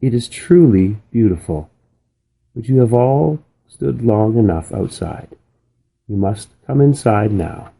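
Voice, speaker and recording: A man voicing a formal woman doctor who speaks slowly and soothingly, a little higher than his own voice. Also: expressive, vocal fry, mellow, breathy edge, full character voice, rough recording.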